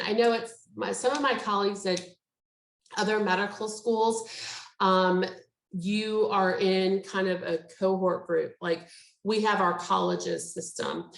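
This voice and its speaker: Gravelly woman on a roomy video call. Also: medium pitch. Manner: chatty, explanatory, many fillers. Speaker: medical school presenter. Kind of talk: virtual info session talk.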